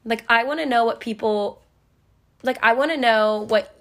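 A woman's voice: a little high, normal speed, a bit bright. A young woman co-hosting a podcast, chatting casually with lots of "like" fillers, rambling and emotional. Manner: rambling, many "like" fillers, gets choked up. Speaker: podcast co-host. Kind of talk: casual chat.

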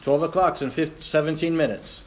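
Pastor, man, sermon, joking and animated, voice a bit high. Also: moderate pace, slight background noise. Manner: jokey, animated, reads scripture aloud.

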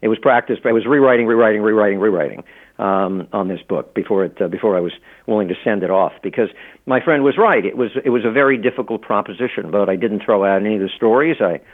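A man's voice: lowish voice, fast talker. A middle-aged man, an author and law professor, chatting as an interview guest, rambling with many restarts and fillers. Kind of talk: casual interview talk. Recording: tinny phone-line audio.

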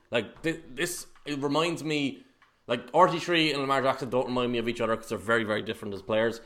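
A man's voice: mid-range voice, fairly bright tone. A man co-hosting a casual sports podcast, rambling through football analysis with frequent laughs. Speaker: podcast co-host.

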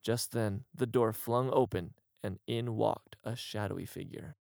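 A man narrating an absurd comic story in a mock-grand, deadpan manner. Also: lowish voice, a little slow, gravelly, heavy background noise.

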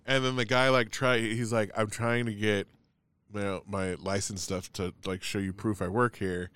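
A man's voice: on the low side, level tone, moderate pace, a bit bright, clear, resonant tone, dry recording. A man in casual chat, telling a long story in a rambling way, full of "like" and swearing.

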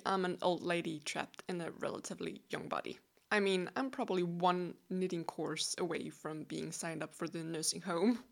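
Danish-accented young woman, gravelly low voice. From Denmark. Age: 20s. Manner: chatty, self-deprecating and playful. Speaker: podcast host. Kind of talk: relaxed solo podcast monologue.

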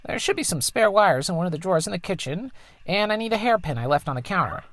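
A player voicing a middle-aged female engineer mother in a video game, reading her lines in a higher, lively, affectionate voice. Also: fast talker, no room sound. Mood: cheerful. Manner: bright, teasing, affectionate. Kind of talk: reading game dialogue aloud.

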